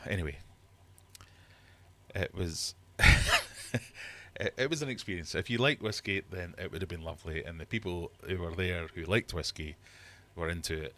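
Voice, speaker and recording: A man with a very low, deep voice chats casually on a livestream. He tells his stories animatedly and keeps breaking into exasperated outbursts. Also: normal speed, bright, forceful tone. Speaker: livestream host. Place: home fish room.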